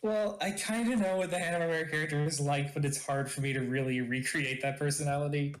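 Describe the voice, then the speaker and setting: A man narrating a tabletop game as game master, in a loose, jokey way with a slightly high voice. His voice bounces around an echoey room. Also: quick pace. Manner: relaxed, joking, laughs often.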